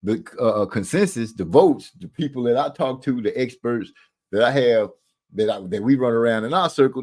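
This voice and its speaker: Rambling man hosting a boxing stream. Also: mid-range voice. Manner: rambling, many fillers and restarts. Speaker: boxing live stream host. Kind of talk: casual live stream commentary.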